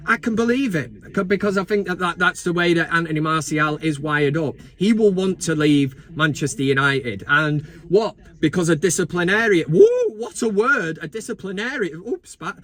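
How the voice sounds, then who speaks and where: Brief: male vlogger, fairly high voice, sweary jokey football rant in a van. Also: very animated, normal speed, few pauses, a bit bright. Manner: sweary, joking, ranting. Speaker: football fan channel host. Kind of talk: casual live vlog chat. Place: inside a van.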